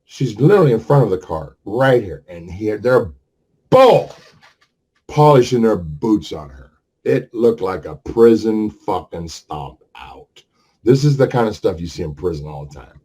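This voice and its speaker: A man in his sixties with a husky voice tells a long story in a casual rant. He curses freely and rambles through the details. His pitch swings widely as he gets worked up. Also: expressive, a little slow, mellow. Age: 60s. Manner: profane, rambling, heated storyteller. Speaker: vlogger.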